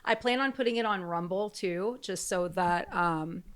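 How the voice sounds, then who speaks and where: Woman guest on a podcast, polite, earnest, steady talk. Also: lowish voice, normal speed. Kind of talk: casual interview talk.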